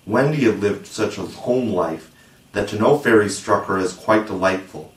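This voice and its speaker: A man narrating a classic children's novel as an audiobook, measured and gently expressive. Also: fairly low pitch, far from the mic. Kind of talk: audiobook reading. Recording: roomy echo, voice set back from the mic.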